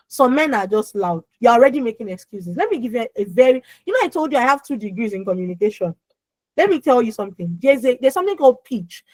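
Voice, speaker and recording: Loud lady coach on a video call, high voice, really emphatic, keeps asking the audience stuff. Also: very animated, fast, no echo, poor audio. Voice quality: naturally loud voice. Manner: emphatic, repeats words and asks the audience questions. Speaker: emotional healing coach. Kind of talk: lively motivational talk on an online call.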